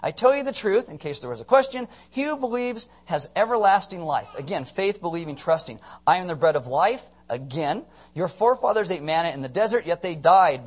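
A man preaching a sermon in an animated, joking way, often acting out quotes in put-on voices. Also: a little high. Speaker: pastor.

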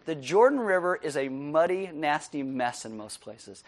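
A male pastor delivers a lively sermon in a high, bright voice. He laughs easily, keeps asking his listeners "right?", and swings between loud punches and quiet asides. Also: normal speed, few pauses. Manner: laughs often while preaching.

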